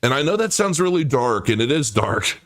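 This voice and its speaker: Guy in his 40s rambling on a livestream, lots of stops and restarts, mid pitch. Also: big pitch swings, vocal fry, fairly bright tone. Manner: rambling, halting, many restarts and fillers. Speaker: crypto livestream host. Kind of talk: casual livestream monologue.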